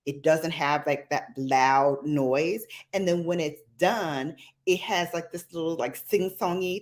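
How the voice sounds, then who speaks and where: A middle-aged woman, hosting a casual livestream chat in a sassy, animated way that jumps to squeals. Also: low voice, measured pace. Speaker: livestream host.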